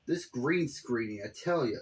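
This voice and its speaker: A man's voice: medium pitch, expressive, moderate pace. A man giving casual, profane reaction commentary on a video, exasperated and rambling.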